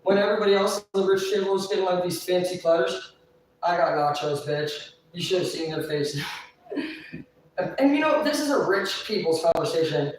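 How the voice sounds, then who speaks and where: A woman's voice: fairly low pitch, animated, moderate pace, a little hiss or hum. A woman telling a long story on a livestream in a rambling, profane way, swearing constantly. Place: indoors, live stream. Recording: roomy echo, distant mic.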